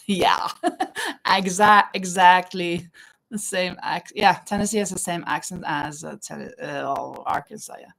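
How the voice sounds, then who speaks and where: Her voice is fairly low, steady, a little slow, creaky and somewhat bright. This woman hosts a relaxed live stream at home in Spain, crocheting, laughing a lot and reading out comments from viewers.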